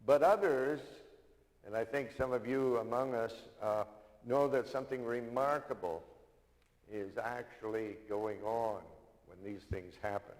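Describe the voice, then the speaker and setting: A minister preaching in a reverberant hall. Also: male voice, medium pitch, unhurried, darkish tone. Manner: tells a joke with put-on Irish voices. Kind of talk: sermon. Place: church sanctuary.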